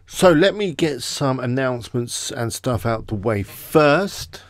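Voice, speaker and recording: A man's voice: medium pitch, animated, slow, dry recording. Chatty English man hosting a live stream. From England. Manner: chatty, greets viewers by name. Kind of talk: casual live stream chat.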